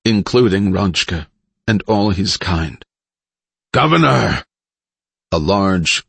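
A man reading a story aloud as scripted narration, with a measured, dramatic storytelling delivery. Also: sits low, breathy edge, dry recording. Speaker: audiobook narrator.

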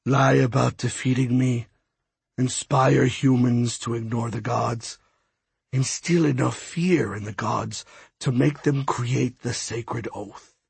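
Voicing a smug, menacing god of death, a man drops lower and softer than his reading voice, speaking in a silky, mocking, pompous way. He takes it slowly, with a creaky, breathy edge, heavily acted and with no echo.

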